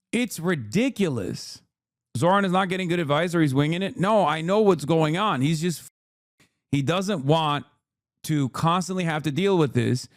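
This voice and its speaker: A man's voice: on the high side, lively intonation, normal speed, dry recording, studio quality. A man giving heated political commentary as a streamer, exasperated and swearing often.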